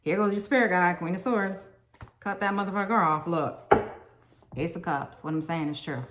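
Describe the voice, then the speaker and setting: A woman's voice: lowish voice, normal speed, very noisy. A woman doing a casual tarot reading, blunt and profane, with sassy asides aimed straight at the viewer. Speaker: tarot reader.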